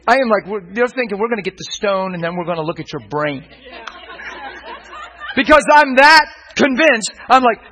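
A man telling a testimony story in an animated, excitable way, acting out the dialogue. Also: high voice, moderate pace, big-room sound, poor audio.

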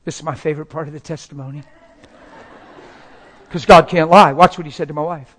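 A man's voice: on the high side, fairly even intonation, fairly quick, pauses often, fairly bright tone. A man preaching a personal testimony in a dramatic, emotional storytelling manner.

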